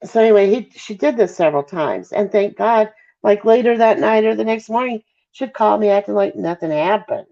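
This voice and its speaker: A middle-aged mother in an emotional call interview often stops short, apologizes and loses her thread, though she hardly pauses otherwise. Her mid-range voice is dark with vocal fry at normal speed, and the call audio is dull and lo-fi.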